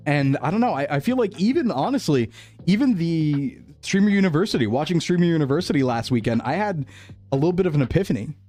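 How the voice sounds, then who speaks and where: A fairly high-pitched but darkish male voice belongs to a young VTuber streamer. Reflective and rambling, he laughs often and keeps circling back to the same phrases.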